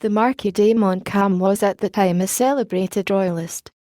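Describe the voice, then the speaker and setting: A woman narrating a classic novel as an audiobook, reading in a calm, even way. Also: medium pitch, moderate pace, no echo, clean studio sound. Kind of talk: scripted narration.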